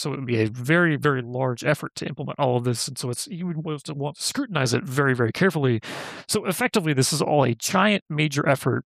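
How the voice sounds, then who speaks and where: A man with a somewhat high, gravelly voice walks through a technical problem in a conversational interview. He thinks aloud, leaning on "like" and fixing his phrasing as he goes. The sound is dry and close. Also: no room sound. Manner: thinks aloud, lots of "like" and self-corrections. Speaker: guest software engineer.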